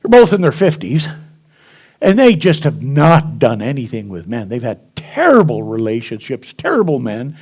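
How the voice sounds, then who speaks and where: This minister's mid-range, darkish voice has a breathy edge and swoops wildly in pitch, though his speed is normal. He preaches to a spiritual center congregation, storytelling, voicing the dialogue, and chuckling along the way.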